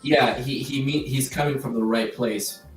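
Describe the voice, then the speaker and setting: A man talking in an earnest, halting way, stumbling over the first words of his sentences. He sits well back from the mic in an echoey room, with soft music playing underneath. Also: medium pitch, fairly even intonation. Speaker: guest, group member. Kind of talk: casual chat. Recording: roomy sound from far off the mic.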